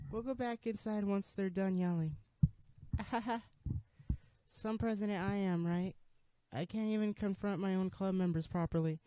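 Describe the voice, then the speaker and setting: A man's voice: high voice, dark tone, no room sound, pitched above the performer's own voice, close to an everyday voice. A man voicing a cheerful, confident teenage girl who leads a school club, speaking sweetly and a little apologetically.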